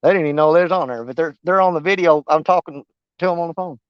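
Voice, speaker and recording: A high-pitched man rambles folksily to his viewers while he fishes outdoors. His voice is smooth and clear, and he sounds winded. The sound is dry and a bit dull. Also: fast, no echo. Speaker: fishing vlogger. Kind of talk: live-stream fishing chat. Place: outdoors at a riverbank.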